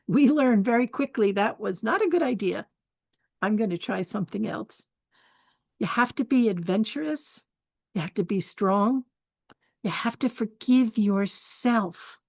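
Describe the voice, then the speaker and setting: A woman's voice: a little high, a little mellow, dry recording. An older woman hosting a spiritual forum, telling family stories in a chatty, candid way and turning them into life advice. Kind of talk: storytelling talk.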